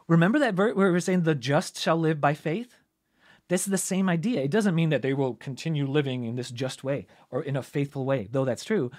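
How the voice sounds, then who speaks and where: Male preacher with a slightly higher voice, informal Bible teaching, chatty and thinking out loud. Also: fairly quick. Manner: conversational, thinks aloud, frequent "right?" asides.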